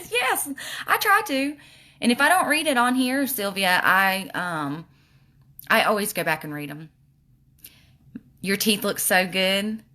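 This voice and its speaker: Bright-voiced woman, chatty makeup host. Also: mid-range voice, lively intonation, measured pace, pauses often. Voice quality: slight lisp. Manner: chatty, reads viewer comments aloud. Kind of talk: casual makeup tutorial livestream.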